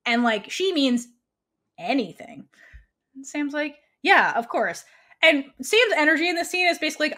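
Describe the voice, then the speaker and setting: A woman's voice: on the high side, animated, moderate pace, a bit bright. A woman co-hosting a podcast, chatting casually as she recaps a series scene by scene and acts out the characters' lines, laughing often. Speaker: podcast co-host.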